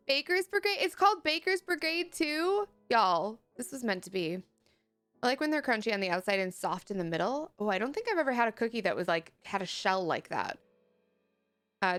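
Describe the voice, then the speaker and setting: Smooth-voiced chatty woman streamer. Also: fairly high pitch, a bit bright. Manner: chatty, reads chat messages aloud, laughs often. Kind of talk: casual live-stream chat. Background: faint music.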